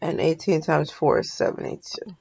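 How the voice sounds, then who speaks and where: A woman's voice: low voice, fairly even intonation, normal speed, gravelly, a little mellow, slightly rough, highs cut off. A woman math teacher talking through a recorded lesson in a sleepy, yawning, casual way, often stopping to apologize and correct herself.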